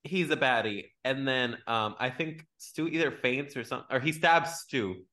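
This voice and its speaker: A man's voice: medium pitch, a little slow. A man co-hosting a casual podcast, recapping a film and acting out the characters' lines as he goes. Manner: animated, acts out characters' lines while retelling. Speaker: podcast co-host. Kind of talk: casual movie recap chat.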